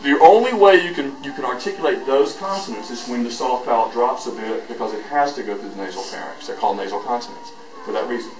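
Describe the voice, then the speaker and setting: A man's voice: medium pitch, quick pace, over music. A man leading a voice master class, joking with students and demonstrating with his voice. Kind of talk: teaching a class. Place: school hall. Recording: echoey hall, recorded from far off.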